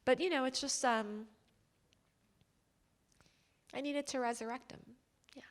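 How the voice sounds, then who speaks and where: A woman's voice: high-pitched, steady tone, unhurried. A woman author being interviewed on stage before an audience, speaking reflectively and openly about her emotions. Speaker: author and journalist guest. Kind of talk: onstage interview. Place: community stage event with audience.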